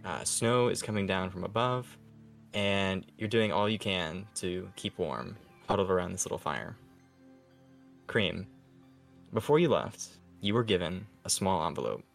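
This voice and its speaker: Soft-spoken young man narrating. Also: deep voice, normal speed, gravelly, soft background music. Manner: soft, calm storytelling voice. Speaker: game master. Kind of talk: narrating a tabletop game.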